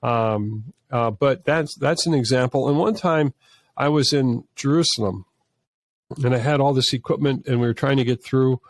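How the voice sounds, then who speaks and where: A man's voice: mid-range voice, normal speed, dry recording. Earnest male filmmaker telling stories. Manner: earnest, with frequent restarts and false starts. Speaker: filmmaker guest. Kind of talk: conversational storytelling.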